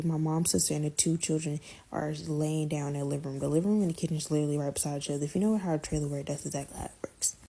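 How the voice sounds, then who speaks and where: A young woman casually continuing a family story in a relaxed, slangy way. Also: deep voice, creaky, breathy edge. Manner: relaxed, slangy, drawn-out retelling.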